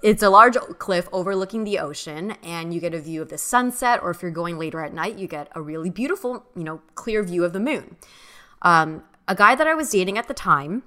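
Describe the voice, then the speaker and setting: A young woman with a bright, forward voice that sits slightly low for a woman. She tells a personal story in loose, animated conversation, full of "like" and "um" as she goes. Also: brisk. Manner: animated storyteller, many fillers. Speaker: podcast co-host. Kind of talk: casual storytelling chat.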